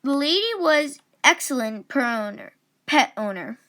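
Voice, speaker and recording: A woman reads a children's storybook aloud in a high, light voice. She takes her time, unhurried and gentle, and gives each line expression. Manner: slow, gentle and expressive, voicing characters. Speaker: children's book reader. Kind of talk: read-aloud storybook narration.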